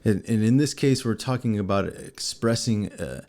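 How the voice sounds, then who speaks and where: A middle-aged man co-hosting a faith-based conversation, explaining scripture in a relaxed, chatty way and laughing often. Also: on the low side, moderate pace. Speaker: co-host. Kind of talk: faith-based casual chat.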